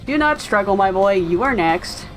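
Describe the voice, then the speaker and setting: Brief: woman reading a pompous evil male doctor, deeper put-on voice, gloating. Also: lively intonation, moderate pace, faint music behind, close to an everyday voice, rough recording.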